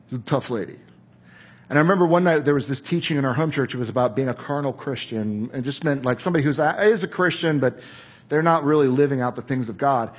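A man's voice: medium pitch, breathy edge. A male pastor giving an earnest sermon, telling a personal story and closing in prayer. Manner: earnest, storytelling, animated when recounting.

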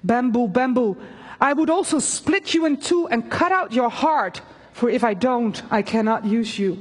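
A woman voicing the grave, loving male master of a garden in a storybook tale, speaking slowly and solemnly. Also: fairly high pitch, husky, in a large hall. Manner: slow, solemn.

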